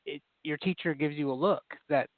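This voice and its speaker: Speaking at a moderate pace in a slightly high voice, a man guesting as a therapist in an interview lays out ideas earnestly and voices the critical inner voices aloud. The audio is dry, narrow and tinny.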